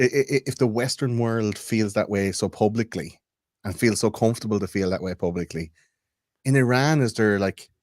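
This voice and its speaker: A man's voice: fairly low pitch, darkish tone, dry recording. A man co-hosting a podcast in casual chat, rambling and swearing with many fillers. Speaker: podcast co-host.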